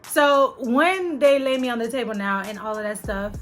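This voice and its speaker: A young adult woman vlogger telling a personal story to her viewers in an animated, chatty way. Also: on the high side, moderate pace, faint music behind. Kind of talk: casual storytelling to camera.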